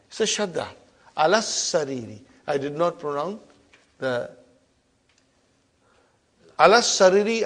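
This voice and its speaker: Man, grammar teacher, slightly high voice, loud stress on key words then quiet drops, repetitive drilling. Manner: repetitive call-and-response drilling, frequent check-ins; emphatic, loud rises on key terms then soft drops. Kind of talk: classroom lesson.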